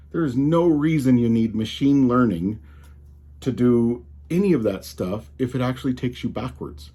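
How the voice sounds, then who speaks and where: A man's voice: medium pitch, mellow, slightly rough. A man with a slight Colorado drawl, ranting casually and with exasperation about tech, often restarting his sentences. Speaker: tech commentator.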